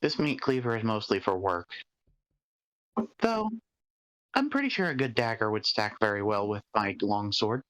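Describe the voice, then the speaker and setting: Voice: medium pitch, sing-song, moderate pace, pauses often, fairly bright tone. A player voicing a polite, earnest young woman swordfighter in a tabletop game.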